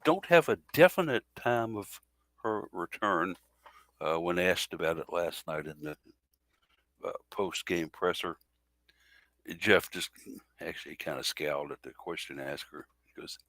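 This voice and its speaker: A man co-hosting a casual sports podcast, talking in a halting way with many fillers and self-corrections. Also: low-pitched, expressive, fairly bright tone, dry recording. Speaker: podcast co-host.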